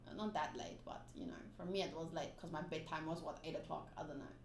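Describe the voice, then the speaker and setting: A woman's voice: low voice, fast. A young woman, chatting in a rambling way with lots of fillers while reading through a manga. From South Africa. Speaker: manga reader and channel host. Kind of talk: casual manga readthrough with anecdotes. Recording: roomy, with faint noise.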